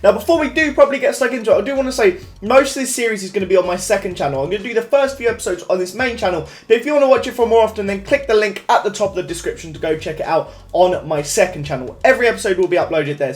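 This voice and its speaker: A young man chatting through a football game with upbeat energy, addressing his viewers directly. His voice sits a little high for a man, with faint music behind. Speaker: gaming YouTuber. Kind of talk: casual game commentary.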